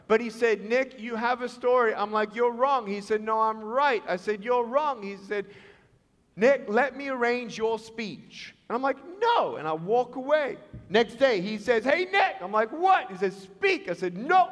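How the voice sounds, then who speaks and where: High-voiced guy telling stories to a school crowd, acts out all the lines, big echoey hall. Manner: animated, acts out dialogue in voices. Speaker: motivational speaker. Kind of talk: storytelling speech to students. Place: large school hall with an audience.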